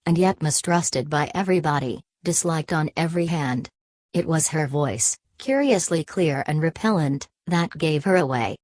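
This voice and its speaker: A woman with a low, deep voice reads a classic novel aloud in a measured, steady way. The recording is dry and close, with no room sound around her. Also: no echo. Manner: measured, steady literary reading. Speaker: audiobook narrator. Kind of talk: scripted narration of a classic novel.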